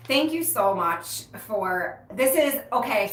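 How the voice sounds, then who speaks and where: A woman's voice: a little high, animated, extremely slow, long pauses, fairly bright tone. A woman hosting a casual livestream, talking to her viewers frankly and emotionally and swearing casually. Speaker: livestream host, recovery coach. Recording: roomy echo, distant mic.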